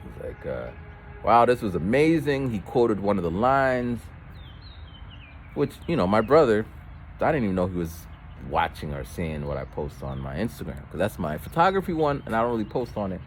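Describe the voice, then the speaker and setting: Man, low voice, lively up-and-down pitch, rambling casual vlog, outdoor walk, clear traffic noise. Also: normal speed. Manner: rambling, with false starts and voiced quotes of others. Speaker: vlogger. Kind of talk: casual storytelling while walking. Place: outdoors on a street.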